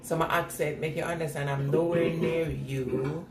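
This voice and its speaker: A woman's voice: low-pitched, fairly even intonation, normal speed, far from the mic. Chatty accented woman in an echoey room. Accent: non-standard English accent. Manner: chatty, laughs often, repeats herself to answer comments. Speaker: vlogger reading live chat. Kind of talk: casual chat with viewers. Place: indoors, washing her hair. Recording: echoey room with clear background ambience.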